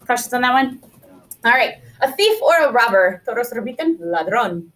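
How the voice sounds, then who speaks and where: A woman's voice: a little high, very animated, normal speed, fairly bright tone. A woman teaching a Spanish class, upbeat, quizzing students and sprinkling Spanish words into her talk.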